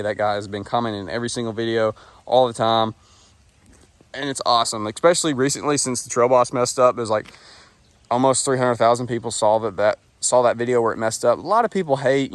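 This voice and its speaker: A man's voice: mid-range voice, no room sound. A young man, chatting casually to viewers in a laid-back vlog, recorded outdoors in the rain. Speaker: vlogger.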